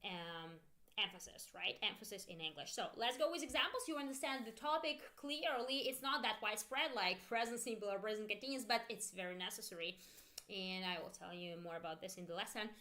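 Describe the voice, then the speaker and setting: A woman's voice: mid-range voice, lively intonation, fairly quick, sharp tone. A woman whose first language is Russian teaches an online English grammar lesson, repeating phrases for learners to echo.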